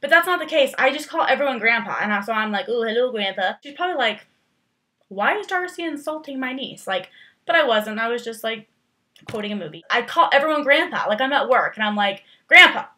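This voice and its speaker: A woman's voice: fairly high pitch, animated, fast talker, pushed and bright. A young woman vlogging casually, rambling through tag questions with lots of fillers and playful, exaggerated emphasis.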